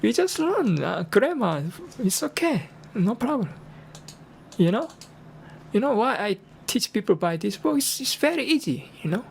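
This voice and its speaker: An older Korean man with a Korean accent and a hoarse, strained voice, chatting casually as a teacher in broken English with earnest encouragement. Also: very high-pitched, sing-song, moderate pace, slight background noise. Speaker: Arabic and Islam teacher. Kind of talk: casual livestream talk.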